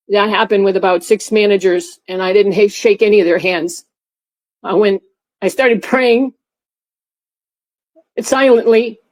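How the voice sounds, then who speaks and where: A middle-aged woman, a former airport security officer, recounting a painful memory in a halting way with many restarts. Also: fairly high pitch, rough recording. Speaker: interview guest, former TSA officer. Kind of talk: emotional personal recollection.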